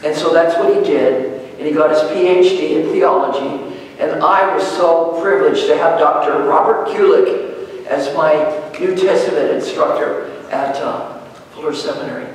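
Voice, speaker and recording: A woman's voice: sits low, normal speed, darkish tone, slight background noise. A woman pastor giving a conversational sermon, telling stories and asking the congregation questions. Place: church sanctuary. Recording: echoey church hall, far from mic.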